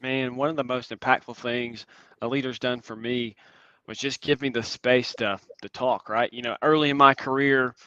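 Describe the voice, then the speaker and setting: An earnest young man gives a reflective conference talk, dotted with ums. His voice is bright and smooth. The audio is dry and a bit dull, like a video call. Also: medium pitch, steady tone, moderate pace, no echo. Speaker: guest speaker.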